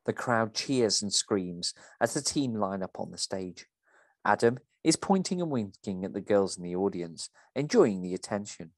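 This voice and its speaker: A man's voice: on the low side, animated, moderate pace, no room sound. A man co-hosting a podcast, reading a script aloud and discussing it with a theatrical delivery.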